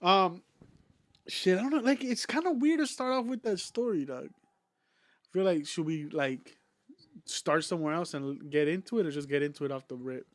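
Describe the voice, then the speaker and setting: A man's voice: a little high, expressive, moderate pace, no echo. A young man hosting a podcast, telling stories in a rambling, profane way, full of "like". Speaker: podcast host. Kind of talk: casual chat.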